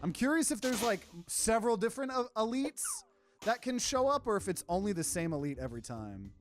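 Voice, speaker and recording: A gamer giving casual let's-play commentary, excitable and quick to panic, repeating exclamations and swearing. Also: medium pitch, faint music behind.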